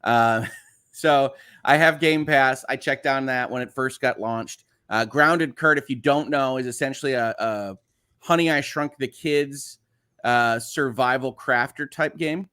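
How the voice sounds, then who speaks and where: A man's voice: medium pitch, a little slow, pushed and bright, clear, resonant tone. Easygoing Chicago-accented man chatting on a livestream. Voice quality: slightly nasal. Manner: rambling and friendly, many "uh" fillers and restarts. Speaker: livestream host. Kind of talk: casual livestream chat, reading viewer messages aloud.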